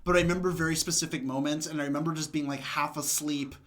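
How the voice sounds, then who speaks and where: Man, podcast co-host, casual chat, rambling, lots of fillers, bright voice. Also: fairly high pitch, fairly even intonation, fast talker. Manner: rambling, full of "like" fillers and tangents.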